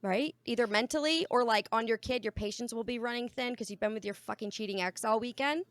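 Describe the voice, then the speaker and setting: A woman's voice: fairly high pitch, a little fast, no room sound. A young adult woman co-hosting a podcast, chatting casually and frankly and swearing freely. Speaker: podcast co-host. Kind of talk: casual chat.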